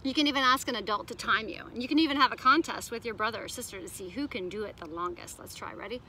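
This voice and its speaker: Female preschool teacher, high bright voice, sing-song storybook reading with questions to kids. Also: quick pace, slight background noise. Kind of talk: reading a picture book aloud to children.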